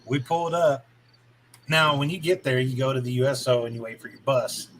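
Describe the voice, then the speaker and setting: A man's voice: medium pitch, fairly quick, over a noisy crowd, poor audio. A man co-hosting a casual chat, telling a long, explanatory story about basic training.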